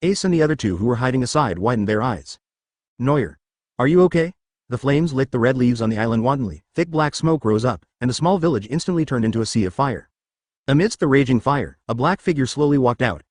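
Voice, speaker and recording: A synthetic audiobook voice, male, reads a fan story with wide, animated pitch swings at a fast clip and a slightly mellow tone. The sound is close and dry with no room sound, and censored words are spoken as letters and asterisks.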